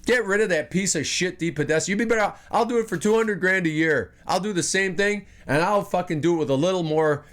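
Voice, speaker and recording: A man's voice: a little high, fairly bright tone. A man hosting a fan podcast, delivering an angry, profane, rambling sports rant.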